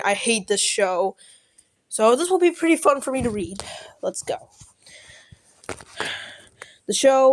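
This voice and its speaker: A woman's voice: medium pitch, dry recording. A young woman reading a snarky article aloud, sarcastic and profane, sometimes tripping over words. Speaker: content creator.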